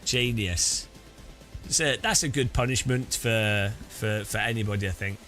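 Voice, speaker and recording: A man's voice: fairly low pitch, measured pace, bright, forceful tone, soft background music. A man casually chatting on a sim-racing live stream, joking and rambling as he reads chat aloud.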